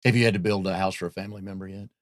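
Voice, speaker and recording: A man with a very deep voice interviews a guest. He asks casual questions and keeps the talk moving with short, encouraging replies, recorded dry and close. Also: steady tone, very fast, no echo.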